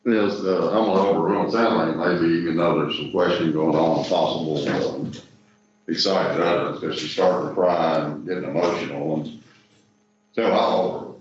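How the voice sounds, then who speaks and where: A male judge ruling from the bench, measured and thinking aloud. His voice is very low. He sits far from the mic, heard with a heavy echo and muffled tone. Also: fairly even intonation, slight background noise. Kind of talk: courtroom ruling. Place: courtroom. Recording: distant echoey muffled courtroom mic.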